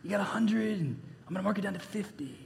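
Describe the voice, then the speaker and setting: A man voicing a smooth-talking, mobster-style male steward offering deals in a low, hushed patter. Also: expressive, fast, heavy background noise, heavily acted. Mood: scheming.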